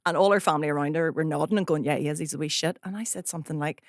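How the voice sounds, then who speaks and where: A woman hosting a comedy podcast, telling stories in a lively, giggly way. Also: sits low, very fast, no room sound, studio quality. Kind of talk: casual podcast chat.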